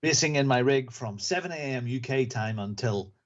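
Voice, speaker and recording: Over a live stream's computer mic with the highs cut off, a man reads gaming news for a podcast, adding wry joke lines to the reports. He speaks at medium pitch and a moderate pace.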